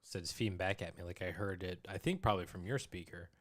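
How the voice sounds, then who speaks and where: A man co-hosting a movie review podcast, talking casually and excitedly into a close mic, with quick restarts. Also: sits low. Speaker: podcast co-host.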